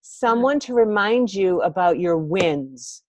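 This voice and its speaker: A woman podcast host interviewing a guest, enthusiastic and animated as she mimics her own doubts. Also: mid-range voice, slow pace. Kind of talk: conversational interview.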